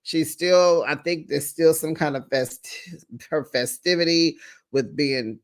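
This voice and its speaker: A host recapping reality TV episodes in a chatty, sassy way, with drawn-out asides. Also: mid-range voice. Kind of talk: casual recap commentary.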